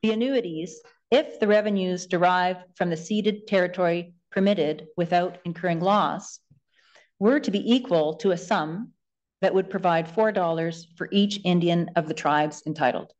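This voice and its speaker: A woman lawyer making a formal closing submission in court, reading passages aloud from documents in a measured way. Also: lowish voice, a little mellow, lo-fi sound. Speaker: government lawyer.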